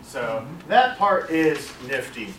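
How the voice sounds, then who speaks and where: A man's voice: medium pitch, big pitch swings, takes it slowly, noisy background. A man leading a Bible study class, talking informally and correcting himself, with lots of fillers. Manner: rambling, self-correcting, with many fillers. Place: classroom with a large screen. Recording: echoey room, far from mic.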